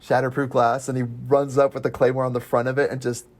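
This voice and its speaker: A young man hosting a casual movie podcast, talking excitedly with lots of fillers. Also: medium pitch, fast. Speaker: movie review podcast host.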